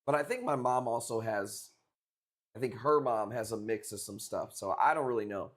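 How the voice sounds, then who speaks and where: A young coral seller from around Chicago, his voice fairly low and his pace moderate, chats casually with livestream viewers during a live auction. Swearing slips in naturally as he talks.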